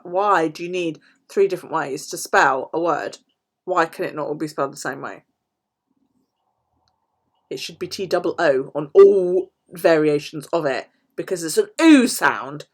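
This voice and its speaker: A British woman vlogger chatting casually to her viewers, swearing freely and laughing often. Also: on the low side. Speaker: planner vlogger. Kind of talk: casual chat to live viewers.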